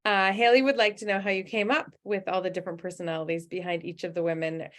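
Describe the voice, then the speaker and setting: A woman's voice: fairly low pitch, steady tone, fast talker. A woman hosting a book club interview, reading out audience questions in a friendly, chatty way with plenty of fillers.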